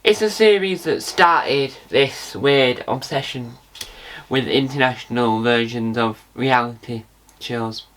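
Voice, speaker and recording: A man's voice: medium pitch, slow, a bit bright. A man hosting a casual vlog about a reality show, rambling and jokey and often correcting himself mid-sentence. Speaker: reality TV video host.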